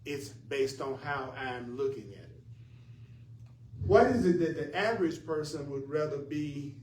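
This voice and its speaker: A man's voice: fairly high pitch, animated, unhurried, darkish tone, slight background noise. A man teaching a spiritual class in an earnest, emphatic way, often repeating his points. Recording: echoey room from far off, faint ambience.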